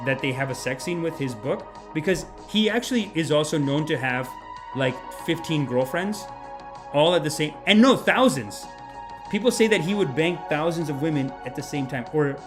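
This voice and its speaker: Profane, sarcastic man ranting on a podcast. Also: a little high. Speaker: podcast host and comedian. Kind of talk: comedic storytelling rant.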